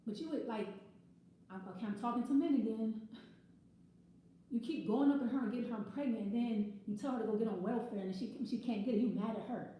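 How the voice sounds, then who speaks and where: A woman's voice: on the high side, a little fast, mellow, very echoey, a little hiss or hum, rough recording. A woman giving a casual tarot reading, ranting bluntly and swearing freely. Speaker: tarot reader.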